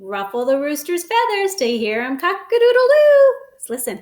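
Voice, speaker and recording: A woman hosting storytime, reading a picture book aloud to children in an animated, coaxing way with gasps and exclamations. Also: high-pitched, brisk, hardly any pauses, reverberant. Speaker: storytime host.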